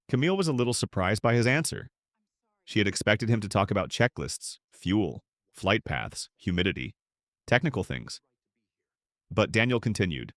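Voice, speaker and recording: A man with a voice on the low side narrates a scripted story at a moderate pace, keeping a steady, even storytelling manner. The recording is dry and studio quality.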